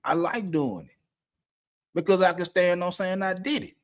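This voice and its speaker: A man's voice: high-pitched, moderate pace. A middle-aged man talking candidly as a podcast co-host, blunt and profane, often laughing mid-sentence. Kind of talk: candid unscripted talk.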